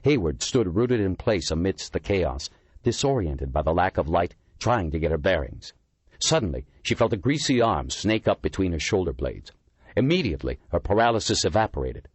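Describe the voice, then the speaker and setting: Deep, husky male audiobook narrator. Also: sing-song, moderate pace, dry recording. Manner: dramatic storytelling.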